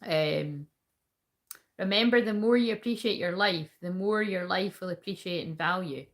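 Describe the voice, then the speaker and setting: During her livestreamed tarot session, a woman reads cards while casually talking with viewers and the chat, swearing freely. Her voice is on the low side at normal speed.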